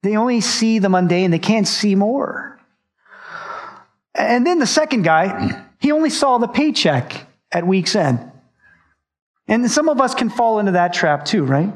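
A man's voice: high-pitched, expressive, a little slow, long pauses. A man preaching a sermon as pastor, telling stories in an earnest way and speaking directly to the congregation.

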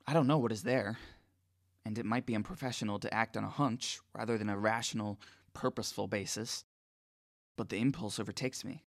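A man's voice: lowish voice, steady tone, fairly quick, dry recording. Male narrator, earnest self-conscious inner voice, dry booth sound. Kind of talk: scripted first-person narration.

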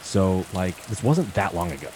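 Telling stories in a loose, casual way, a late-twenties man peppers his rambling with "like" again and again. He has a low-pitched, darkish voice with lively intonation at normal speed. Rain noise fills the background.

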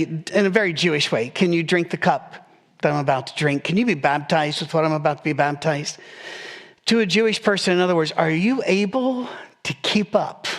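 Male pastor, fairly high voice, casual storytelling sermon delivery with humorous asides. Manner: conversational, joking, with quick asides.

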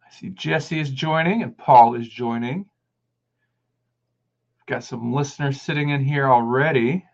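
Casual podcast host, muffled sound. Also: male voice, medium pitch, a little slow, gravelly. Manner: relaxed, friendly, greets callers. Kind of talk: casual live-stream chat.

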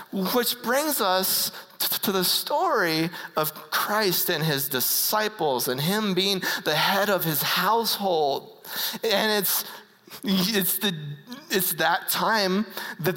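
A preacher giving an earnest sermon as a story, with frequent halting restarts. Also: mid-range voice, pushed and bright, big-room sound, rough recording.

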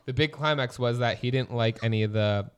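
A man's voice: medium pitch, fairly quick, clear, resonant tone, lo-fi sound. A man in his twenties co-hosting a casual podcast, rambling with lots of fillers and casual swearing. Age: 20s. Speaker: podcast co-host.

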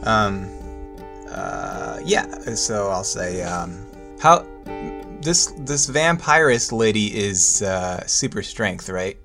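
Low, lively-voiced man at a game table. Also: slow, vocal fry, over music. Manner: joking, questioning. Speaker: player. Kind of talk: casual chat at a game table.

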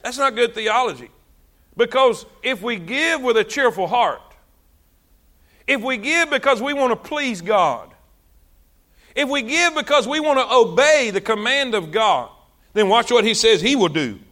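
Male preacher, very high bright voice, animated sermon delivery. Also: unhurried. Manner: animated, drawls and stretches words for emphasis.

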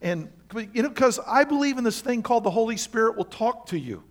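A man's voice: very high voice, expressive, brisk. A pastor preaching to his congregation with emphatic rhetorical questions. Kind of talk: sermon.

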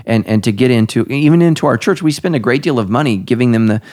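A man's voice: mid-range voice, fast, darkish tone. A middle-aged man, a pastor hosting a podcast, talking casually and emphatically, his voice jumping up to stress points.

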